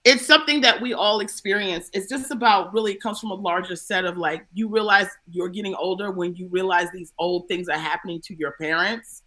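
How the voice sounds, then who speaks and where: Female comedian guest, bright forceful voice, theatrical storyteller. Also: medium pitch, fairly quick, few pauses, rough recording. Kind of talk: casual comedic chat.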